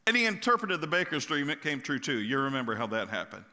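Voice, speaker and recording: A man preaching in a casual, animated storytelling style, joking and acting out the voices of the people in the story. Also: medium pitch, quick pace, few pauses. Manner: animated, jokey retelling with acted-out voices. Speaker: pastor. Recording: long reverb of a large hall.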